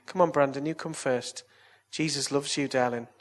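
A man's voice: mid-range voice, fairly even intonation, moderate pace. A man preaching, telling stories in a chatty way and coaxing his listeners with earnest appeals. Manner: chatty, anecdotal storytelling. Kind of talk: evangelistic sermon and altar call.

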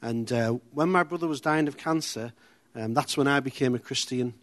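A man with a Teesside accent speaking to a church group. He talks in a chatty, self-deprecating way and mixes funny stories into his sermon. His voice sits in an ordinary middle pitch. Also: normal speed. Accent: Teesside English. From Middlesbrough, England. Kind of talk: informal sermon with humorous anecdotes.

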